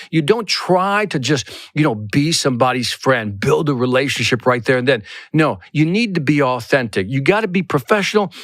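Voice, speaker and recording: A man's voice: fairly high pitch, dry recording, clean studio sound. Emphatic male sales podcast host. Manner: energetic, emphatic, conversational coaching. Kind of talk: solo podcast talk.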